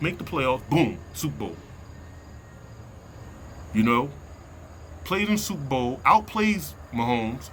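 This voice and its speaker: A man vlogging a heated sports opinion rant from inside a vehicle, slangy and worked up, repeating himself and sinking into low mutters. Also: a bit bright, a little hiss or hum.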